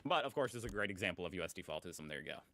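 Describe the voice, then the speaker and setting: A young man with a fairly low voice reads posts aloud and comments on them. His delivery is sarcastic and amused, in a loose, chatty way. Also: animated, rapid-fire, fairly bright tone, low-quality recording. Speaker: host.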